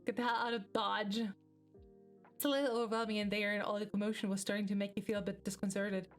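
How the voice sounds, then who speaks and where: A woman's voice: medium pitch, little pitch movement, faint music behind. Streamer woman reading a webcomic aloud. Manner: reads in a measured voice, breaks into laughing, swearing reactions. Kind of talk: casual live reading of a webcomic.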